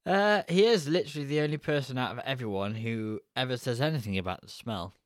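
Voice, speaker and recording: A man co-hosting a casual podcast, wry and joking as he talks. His voice is mid-pitched and sounds dry and close. The delivery is relaxed banter. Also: fast, no echo. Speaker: podcast co-host. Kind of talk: casual chat.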